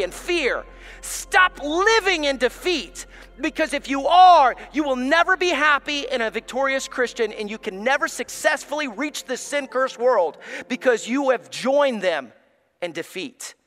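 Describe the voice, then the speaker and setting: A man preaches a passionate sermon in a high, bright voice. His pitch leaps and falls in a lively way as he drops to near-hushed lines and then rises to shouts. Faint music plays underneath. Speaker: pastor.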